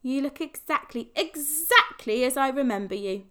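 A woman voicing an excitable middle-aged male scientist uncle, breathless and eager. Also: sits high, moderate pace, pitched above the performer's own voice. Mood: wondering.

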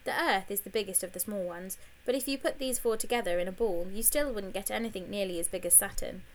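A woman reading an audiobook, voicing a bossy, show-off schoolgirl who lectures and teases in a lively, raised voice. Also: mid-range voice, fast, lightly acted. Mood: lecturing. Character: bossy know-it-all schoolgirl, smug show-off.

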